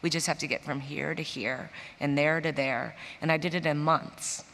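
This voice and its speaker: A woman in her forties from Chicago, telling stories as a guest in a stage interview, animated and acting out the voices of people she quotes. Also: low voice, moderate pace, a little hiss or hum. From Chicago, USA. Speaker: interview guest, business executive. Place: large conference hall on stage. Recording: reverberant conference hall.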